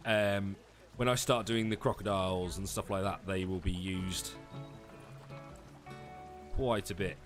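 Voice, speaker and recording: A man's voice: deep voice, unhurried, long pauses, over music. A man live-streaming a zoo-building game, chatting casually with viewers and laughing often. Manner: relaxed and chatty, hedging with fillers and laughing often.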